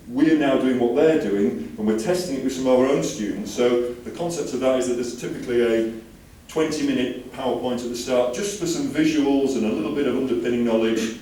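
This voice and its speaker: A man's voice: mid-range voice, warm tone. Enthusiastic man speaking in an echoey hall. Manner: enthusiastic, chatty, jokey asides. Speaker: conference speaker. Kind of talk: conference talk. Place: conference hall. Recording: roomy hall, distant mic, faint ambience.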